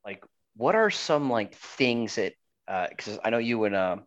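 A man's voice: fairly low pitch, big pitch swings, measured pace, a bit bright, dull audio. A man co-hosting a casual podcast, teasing his partner and joking, with lots of fillers and restarts. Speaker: podcast co-host.

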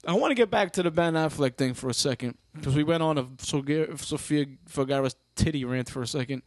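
A man's voice: on the high side, fairly quick, dry recording. Blunt, foul-mouthed guy with a dry sound. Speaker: podcast co-host. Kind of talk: casual crude banter.

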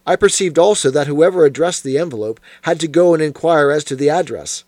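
Guy reading an old detective story, measured, kinda high voice, dry close mic. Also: a little mellow, dry recording. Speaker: audiobook narrator. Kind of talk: scripted narration.

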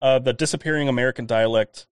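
A man's voice: mid-range voice, fast talker, clean tone, no room sound. A man co-hosting a podcast in casual chat, hesitant and prone to mumbling. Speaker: podcast co-host.

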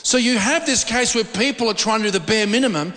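A man's voice: high-pitched, quick pace, sharp tone. A middle-aged man preaching a conversational sermon, informal and often repeating words as he searches for the phrasing. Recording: long reverb of a large hall.

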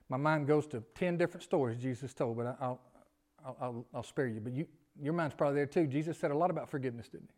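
Folksy pastor preaching a sermon. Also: male voice, mid-range voice, a little fast, pauses often, darkish tone. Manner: folksy, chuckles often, asks the congregation questions. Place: church sanctuary.

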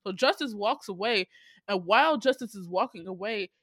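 A woman in casual chat recapping a movie, animated and profane and laughing often. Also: mid-range voice, normal speed, no room sound, clean studio sound.

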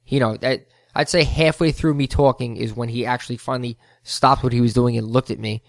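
A man's voice: mid-range voice, fairly even intonation, fairly quick, vocal fry, no room sound, clean studio sound. A man hosting a podcast, telling a rambling story with heated asides. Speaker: podcast host, float center owner. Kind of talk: casual storytelling monologue.

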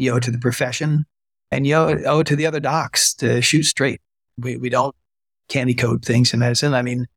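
A middle-aged man, a retired army physician, talking as a guest in an interview and telling lively stories. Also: medium pitch, vocal fry, no echo, studio quality. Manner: animated storyteller, acts out quoted voices. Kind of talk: conversational storytelling interview.

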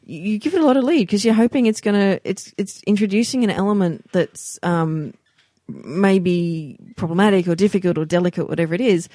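A woman co-hosting a podcast, talking about books in an animated, emphatic way, often repeating words for stress. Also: medium pitch, fairly quick, no echo, studio quality. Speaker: podcast co-host. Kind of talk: casual book discussion.

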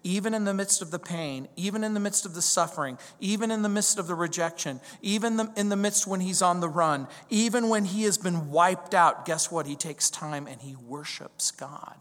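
A man preaching a verse-by-verse sermon in a conversational, animated way, building emphasis through repetition. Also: high-pitched, moderate pace, few pauses. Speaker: pastor. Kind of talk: expository sermon. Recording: long hall reverb.

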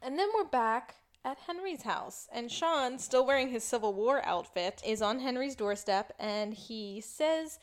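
A woman's voice: a little high, animated, unhurried, few pauses. A woman co-hosting a podcast, recapping a TV episode in casual chat and laughing often. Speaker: podcast co-host.

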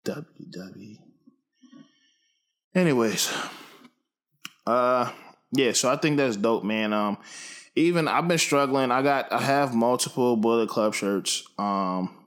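A young man talking casually about wrestling, rambling with lots of ums and flaring up into loud rants. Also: mid-range voice, normal speed, clean tone. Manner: rambling, many ums, gets heated and loud when ranting. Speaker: wrestling commentary podcaster. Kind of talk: casual opinion monologue.

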